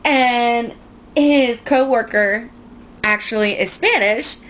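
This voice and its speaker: A woman's voice: on the high side, takes it slowly, fairly bright tone. A young woman chatting casually through a makeup tutorial at home, rambling and self-mocking. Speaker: beauty vlogger.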